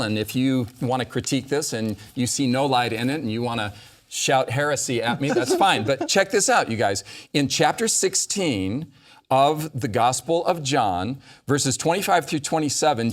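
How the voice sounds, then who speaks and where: Animated man teaching scripture. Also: mid-range voice. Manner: emphatic, quotes scripture with dramatic stress. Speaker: host leading a Bible study discussion. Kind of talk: animated teaching in a round-table talk.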